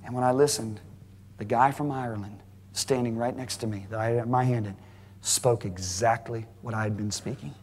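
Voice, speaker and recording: A man preaching a sermon to a congregation, emphatic and rising to near shouting at high points. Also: a little hiss or hum. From United States. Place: large church hall. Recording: live sermon in a reverberant hall.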